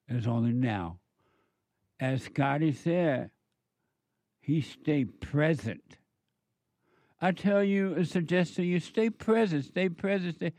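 A man hosting a spiritual call-in radio show, talking in a slow, preachy way with repeated emphatic phrases. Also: medium pitch, darkish tone, no echo.

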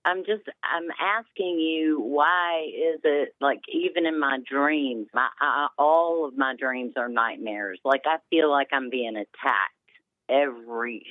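A woman's voice: very deep voice, takes it slowly, no room sound. A woman calling in to a radio show, talking in a rambling, hesitant, emotional way. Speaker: caller. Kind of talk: phone-in call. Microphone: telephone. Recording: tinny phone line.

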